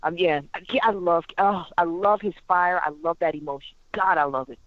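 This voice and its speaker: A woman's voice: fairly low pitch, normal speed, dry recording, dull audio. A woman guitarist and singer talking as a podcast interview guest, effusive and full of exclamations.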